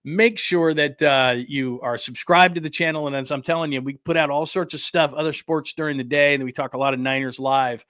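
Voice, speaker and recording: A man's voice: on the high side, fairly even intonation, fairly quick, few pauses, a bit bright, no echo, studio quality. A man hosting a sports podcast in a casual, chatty, rambling way. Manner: chatty, rambling, laughs easily.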